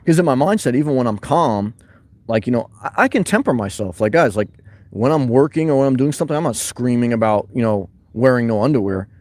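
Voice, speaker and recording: A man at a middling pitch hosts a casual livestream, greeting viewers by name as he reads their comments. He talks loud and boisterous, then drops into a calmer tone, ranting freely. He is recording from inside his van. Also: a little fast, dry recording. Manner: loud, boisterous, shifting between fired-up and calm. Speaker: livestream host reading chat.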